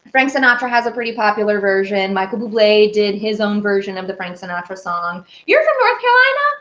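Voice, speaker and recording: Over lo-fi ukulele music, a Southern-accented Oklahoma woman sings and hosts, chatting easily with viewers and replying to their comments between songs. Her voice is medium in pitch with a fairly bright tone.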